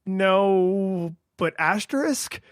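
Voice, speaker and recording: A man's voice: high-pitched, very slow, clean tone, no room sound, studio quality. A man co-hosting a podcast, chatting casually and rambling through a retro game review with many fillers and restarts. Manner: rambling, lots of fillers and restarts, acts out his own past excitement. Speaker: podcast co-host.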